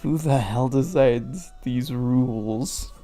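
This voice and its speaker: Brief: unhurried, mellow-voiced reader roasting a fan fiction, sarcastic and crude, faint music underneath. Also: mid-range voice. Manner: sarcastic, swears, laughs at the text. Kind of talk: mocking read-aloud commentary.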